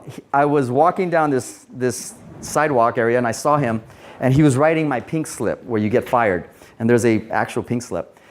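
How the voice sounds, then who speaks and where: Man preaching with casual storytelling. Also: mid-range voice. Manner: conversational, storytelling with quoted dialogue and asides. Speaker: pastor. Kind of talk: sermon with personal stories.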